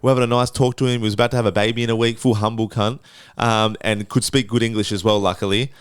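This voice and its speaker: A man's voice: lowish voice, quick pace, clean tone, no room sound, clean studio sound. A young man hosting a podcast, telling a story casually, swearing freely and acting out the quotes. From Australia. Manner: swears freely, animated retelling with voiced quotes. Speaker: podcast host.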